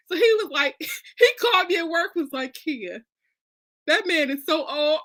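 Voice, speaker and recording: High bright-voiced woman telling animated stories. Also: normal speed. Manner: animated storyteller acting out dialogue, laughing often. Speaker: panel host. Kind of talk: casual storytelling chat.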